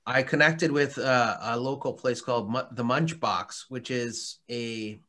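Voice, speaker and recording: Bright-voiced man, chatty and rambling. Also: mid-range voice, steady tone, unhurried. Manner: rambling, many fillers and restarts, laughs often. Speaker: interview guest, hot sauce maker. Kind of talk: casual interview chat.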